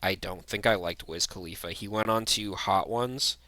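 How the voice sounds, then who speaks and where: A man's voice: lowish voice, normal speed, bright, forceful tone, dry recording. A young man giving blunt, rambling tier-list commentary, full of fillers and restarts. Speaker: vlogger.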